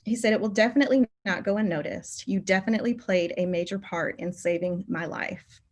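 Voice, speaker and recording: A middle-aged woman speaks as a conference keynote speaker, drawing the listener into heartfelt stories about her former students. Her voice sits at an ordinary middle pitch for a woman. She tells them in an animated, emotional way, and her voice climbs when a memory moves her. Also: brisk. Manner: animated, emotional storytelling, voice rising when moved.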